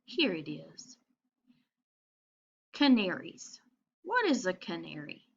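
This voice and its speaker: A woman teaching preschoolers, reading a picture book aloud and slowly coaxing them to find rhyming words. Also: mid-range voice, fairly bright tone, muffled recording. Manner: slow, encouraging, coaxing children to find rhymes. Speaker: pre-K teacher. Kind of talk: children's read-aloud lesson.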